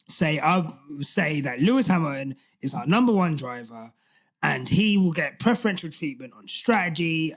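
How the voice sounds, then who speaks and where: A man co-hosting a podcast in casual chat, animated and often laughing as he reads posts aloud. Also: a little high. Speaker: podcast co-host.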